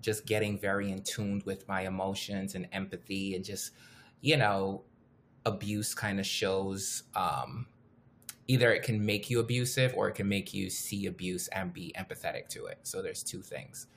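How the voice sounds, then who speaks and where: A man with a low voice co-hosts a casual podcast. He talks loosely and animatedly, cracking jokes and laughing with his co-host. A faint hum of room ambience sits behind him. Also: normal speed, fairly bright tone. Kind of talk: casual chat.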